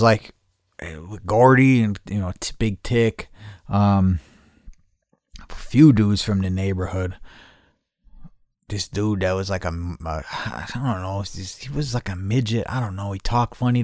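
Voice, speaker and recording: A man's voice: fairly low pitch, a little slow, no echo, clean studio sound. A man hosting a podcast, telling a rambling, profane story in a casual monologue and laughing as he goes. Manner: rambling, profane, laughing, acts out his own shouts. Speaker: podcast host.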